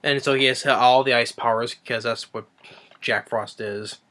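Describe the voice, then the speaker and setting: Bright, smooth-voiced man rambling through a review. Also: medium pitch, fairly even intonation, measured pace. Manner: rambling, with many restarts and self-corrections. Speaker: film reviewer. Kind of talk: casual spoken movie review.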